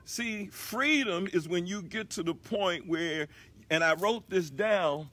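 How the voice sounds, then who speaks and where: A man's voice: sits high, slow pace, bright, forceful tone, faint music behind. A man hosting a live inspirational broadcast, preaching emphatically and repeating his key lines. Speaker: broadcast host.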